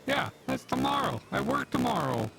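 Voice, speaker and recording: A man's voice: sits high, huge pitch swings, normal speed, vocal fry, over music. A tired, sick man co-hosting a laid-back gaming chat, laughing often. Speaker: gaming video co-host.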